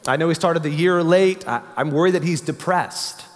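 A man playing a worried high school teacher. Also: moderate pace, lightly acted. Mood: concerned. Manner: earnest and caring. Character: concerned male high school English teacher. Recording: long reverb of a large hall.

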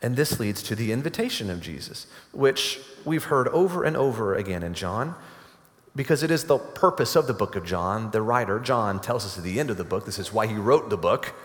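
A man preaching a sermon to a congregation, earnest and emphatic, building to forceful climaxes. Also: fairly low pitch, expressive, fairly quick. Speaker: pastor. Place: church sanctuary. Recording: long hall reverb.

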